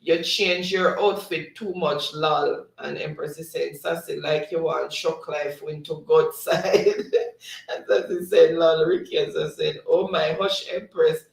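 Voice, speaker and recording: A man's voice: on the high side, steady tone, measured pace, creaky, reverberant, far from the mic, low-quality recording. A man hosting a livestream, reading out viewers' comments in casual chat and laughing often. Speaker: livestream host.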